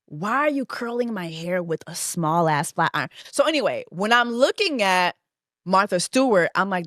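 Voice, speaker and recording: Profane, animated woman venting on a podcast. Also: on the low side, normal speed, dry recording, studio quality. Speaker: podcast host. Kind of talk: casual storytelling monologue.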